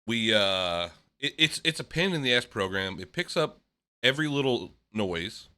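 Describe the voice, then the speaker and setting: Bright-voiced swearing podcast co-host man. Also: mid-range voice, lively intonation, moderate pace, clean tone. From American South. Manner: swears often, laughs a lot, repeats himself. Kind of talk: casual chat.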